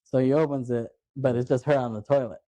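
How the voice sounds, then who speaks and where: A podcast host with a warm, mid-range voice and fairly even intonation talks fast as he casually recaps a film. He retells scenes by acting out lines in quoted voices and laughs often, on a muffled recording with no echo.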